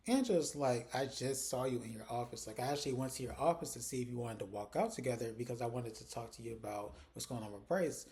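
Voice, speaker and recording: A man with a warm, mellow voice at an ordinary pitch talks through a TV episode scene by scene. He keeps it loose and chatty, leaning on "like" and "she's like", and jumps into quick impressions of the characters' lines. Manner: retells scenes, quoting characters in animated snippets; chatty and informal, heavy use of "like" and "she's like". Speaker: TV episode reviewer. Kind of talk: casual recap vlog.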